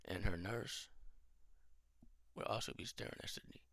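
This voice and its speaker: A man casually rambling through his own film pitch as a channel host, thinking aloud as he goes. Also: fairly even intonation, normal speed, fairly bright tone, no room sound.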